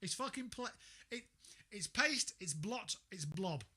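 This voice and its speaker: Bright, sarcastic man streaming. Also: high voice, animated, unhurried, breathy edge. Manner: sarcastic, swears a lot, talks to himself. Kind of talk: casual gaming livestream chat.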